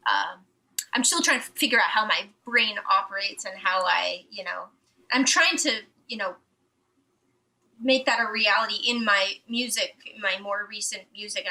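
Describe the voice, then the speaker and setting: A woman's voice: medium pitch, sharp tone, rough recording. A young woman, a musician guest on a podcast, speaking casually and hesitantly with many fillers as she searches for words. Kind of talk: casual conversational interview.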